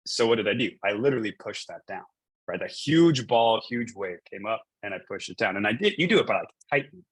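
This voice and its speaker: Husky low-voiced man in his thirties. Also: lively intonation, fast talker, no echo, rough recording. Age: 30s. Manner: storytelling with many fillers and restarts. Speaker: coach. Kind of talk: casual coaching conversation.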